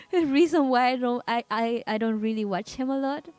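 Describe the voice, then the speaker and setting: A woman's voice: fairly high pitch, normal speed, darkish tone, clear, resonant tone, no echo, soft background music. A woman whose first language is Spanish, chatting casually with viewers while she draws on a live stream, rambling and giggling. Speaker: artist streaming a drawing session.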